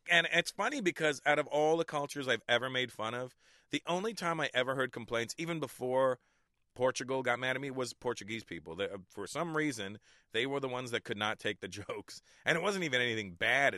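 A middle-aged man, a stand-up comedian, telling stories in a relaxed interview and chuckling often. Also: mid-range voice, brisk, no room sound, studio quality. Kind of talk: casual interview talk.

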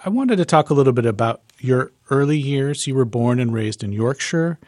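A man's voice: mid-range voice, lively intonation, normal speed, a little mellow, no room sound. Dry-sounding male interviewer. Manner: curious, casual, self-deprecating. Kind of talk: interview questions.

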